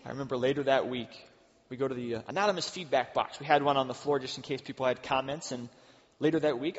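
A man's voice: medium pitch, animated, a little fast. Man preaching in an echoing hall. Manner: earnest, shifting between loud emphasis and hushed asides. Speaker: pastor. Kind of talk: sermon. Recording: dull sound with long hall reverb.

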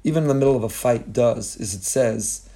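A man teaches a Torah lesson in sermon style, impassioned and building his points through long, repeated lists with Hebrew phrases mixed in. His voice is medium-pitched, brisk and warm, with vocal fry.

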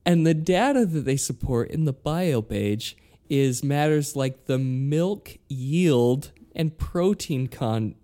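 Playful podcast co-host with a lively voice. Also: mid-range voice, slow. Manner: playful, reads headlines aloud with teasing relish. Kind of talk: casual chat.

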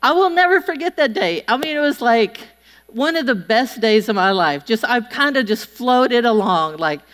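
A middle-aged woman telling a funny story from a stage, chatty and folksy. She slips into little voices for the people she quotes. Her voice sits a bit high and rings with the long reverb of a large hall. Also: expressive, normal speed, a bit bright. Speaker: public speaker. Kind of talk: humorous storytelling speech to an audience.

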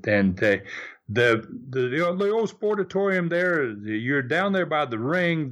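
An older man recounts old memories as a guest in an interview. He talks haltingly and doubles back on his words. His pitch moves up and down a great deal. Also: a bit bright. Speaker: guest, former wrestler. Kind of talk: storytelling in an interview.

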